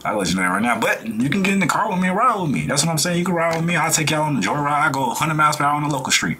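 A man hosting a reaction video, talking in a rambling, animated way and often laughing. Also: on the high side, rapid-fire, a little hiss or hum. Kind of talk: casual reaction commentary.

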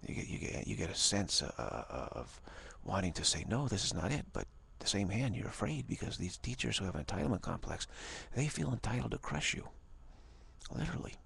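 A man with a deep, very breathy voice gives an informal spiritual talk. He speaks haltingly and restarts his phrases, often sinking to a half-whisper. His voice is heavily gravelly throughout. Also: very animated, a bit bright. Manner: halting, repeats words, drops to a half-whisper. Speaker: spiritual teacher.

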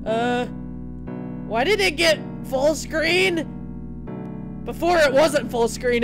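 A woman hosting a let's play of a horror game, excitable and often screaming and gasping in fright. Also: high voice, slow pace, long pauses, raised voice, music in the background. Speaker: gaming video host.

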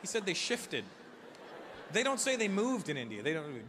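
A man from North America doing animated, sarcastic stand-up comedy on a comedy stage. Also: high-pitched, moderate pace, in a large hall. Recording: noisy live stage recording.

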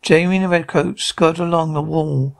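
Brief: male reader, stumbling read-through, gravelly and high. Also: fairly even intonation. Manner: halting, stumbling reading. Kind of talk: reading a script aloud.

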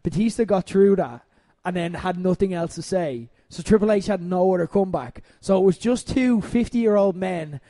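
A young adult Irish man hosting a comedic wrestling podcast, telling animated stories with casual swearing and frequent laughter. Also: high voice, moderate pace, dry recording. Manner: animated storyteller, swears freely, laughs often.

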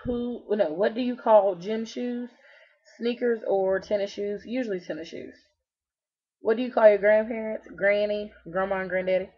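A woman's voice: medium pitch, fairly even intonation, normal speed. A young woman from Virginia with a Southern American accent, casually vlogging and answering questions with sassy, joking asides. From Roanoke, Virginia. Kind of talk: casual self-recorded vlog. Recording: slightly muffled lo-fi webcam audio.

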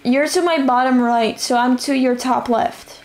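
Gravelly young woman streamer, voice fading. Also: sits high, a little slow, darkish tone. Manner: rambling, self-narrating, casual swearing. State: voice going hoarse. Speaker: streamer playing a survival game. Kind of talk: casual live-stream chatter.

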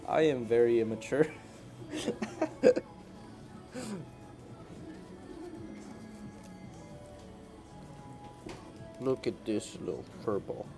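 A man of middling pitch films himself on a handheld phone in an indoor animal cafe. He talks casually and sweetly coaxes the animals, often rising with excitement. Clear music plays in the background. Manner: excited, coaxing pets in a playful voice. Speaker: vlogger. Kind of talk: casual vlog talk. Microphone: handheld phone camera.

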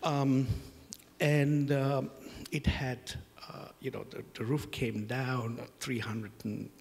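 A man's voice: mid-range voice, flat delivery, slow, gravelly, darkish tone, long reverb tail. A middle-aged man hosting a conference, opening with humorous, self-deprecating stories about his family. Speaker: conference host. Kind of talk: storytelling conference introduction. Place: conference hall.

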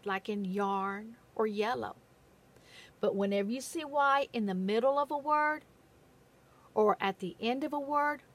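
A woman giving a phonics lesson in a patient, deliberate way, stressing the key words. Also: mid-range voice, a bit bright. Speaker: phonics teacher. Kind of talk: slow, careful classroom instruction.

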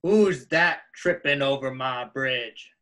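A man's voice: medium pitch, takes it slowly, fairly bright tone. A man voicing a mean, ugly male troll who threatens to gobble up the goats in a storybook reading. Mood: threatening.

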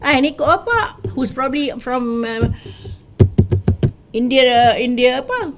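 An older Malaysian woman with a Malaysian English accent, a former MP giving an animated business school talk, mixing English with Malay. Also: sits high, unhurried, noisy background. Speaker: guest speaker, former MP. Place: studio.

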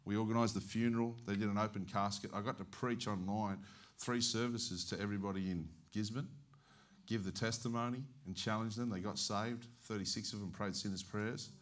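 A man's voice: lowish voice, a little fast. A man preaching with an Australian accent, telling a story in a sermon and acting out its dialogue. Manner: animated, acts out the dialogue of his story. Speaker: evangelist preacher. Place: church service.

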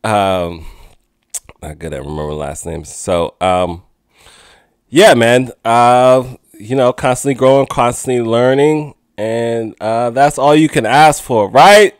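Here a young podcast host talks by himself in a city street with sirens around, goofy and meandering, with frequent laughter. His voice is mid-range and slow, captured in a dry, studio-quality recording.

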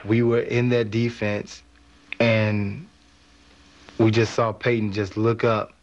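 A man's voice: lowish voice, little pitch movement, slow, muffled recording. A man in an interview recalling how he watched the quarterback read his defense. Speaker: defensive player recalling a game. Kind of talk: interview recollection.

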